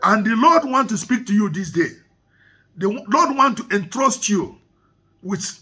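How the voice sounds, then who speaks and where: A man delivers a church sermon in a very high, sharp voice with a husky edge. He is emphatic and repeats his key points for the congregation to absorb. His voice carries brightly through the church. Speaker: preacher.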